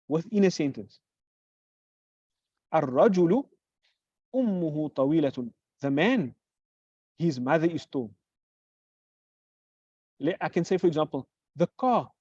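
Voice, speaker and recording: A teacher giving a grammar lesson who poses questions and answers them, repeating example phrases slowly. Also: medium pitch, dark tone, no echo. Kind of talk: classroom lecture. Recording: dull lo-fi recording.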